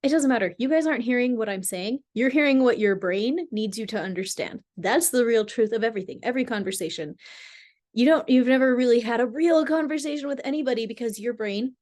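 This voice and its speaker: A woman's voice: fairly high pitch, fairly quick, darkish tone. A woman talking casually to camera as a spiritual vlogger, chatty and loose with many fillers and restarts.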